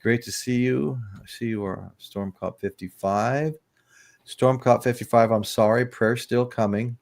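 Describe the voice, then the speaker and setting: An American man in his sixties hosts a casual livestream podcast, telling rambling stories, chuckling, and greeting viewers in the chat. His mid-range voice is gravelly and a little mellow, with fairly even intonation and an unhurried pace.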